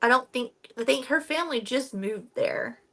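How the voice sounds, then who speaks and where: A woman co-hosting a book club podcast, retelling a novel's opening in a relaxed chat and acting out the characters' lines. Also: sits high, moderate pace. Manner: relaxed storyteller, acts out the characters' quotes.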